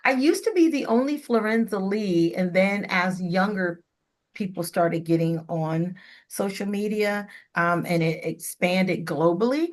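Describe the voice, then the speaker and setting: A woman's voice: mid-range voice, measured pace. Playful woman radio host. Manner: playful, laughs often. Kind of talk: casual interview chat.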